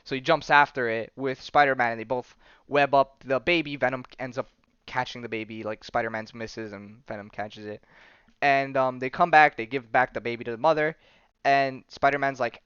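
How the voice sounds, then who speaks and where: A male podcast host talks through a comic plot in a loose, rambling way, full of fillers and quick laughs. His voice is smooth and clear, at an ordinary pitch for a man. The recording is dry and slightly dull. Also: fairly even intonation, a bit bright, dry recording. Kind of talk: casual comic-book recap.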